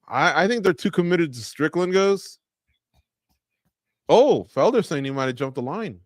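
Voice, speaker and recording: A man's voice: on the high side, moderate pace, dry recording. Chatty man co-hosting a watch-along. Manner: animated storyteller, acts out quotes. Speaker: co-host. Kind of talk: casual live watch-along chat.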